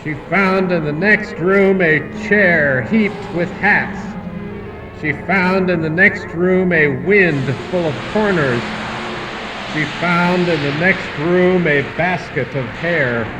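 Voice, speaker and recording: A man giving a slow, deliberate poetry reading, chanting repeated lines. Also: high-pitched, reverberant, far from the mic, music in the background, poor audio. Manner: slow, deliberate incantatory repetition. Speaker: poet.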